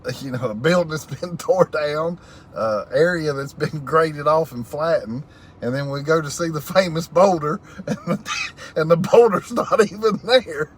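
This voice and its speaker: A man's voice: fairly high pitch, normal speed. Man, live-stream host, reads chat comments aloud, chuckles a lot, faint vehicle hum behind. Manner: reads comments aloud, laughs often, folksy southern phrasing. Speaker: livestream host reading viewer chat.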